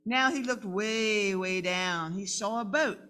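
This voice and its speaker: A woman reading a picture book aloud to children at a live event, animated and talking to her audience. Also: mid-range voice, takes it slowly. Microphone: microphone.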